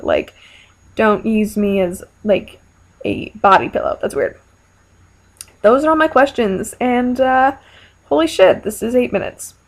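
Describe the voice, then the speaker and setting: Chatty young woman vlogger. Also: fairly high pitch. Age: young adult. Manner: chatty, frank and playful, with many fillers. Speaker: vlogger answering viewer questions. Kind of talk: casual chat.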